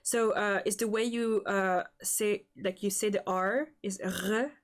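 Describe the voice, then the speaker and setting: A woman with a French accent, speaking English as a second language, hosting a casual chat and talking haltingly with many fillers and restarts. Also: mid-range voice, steady tone. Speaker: host.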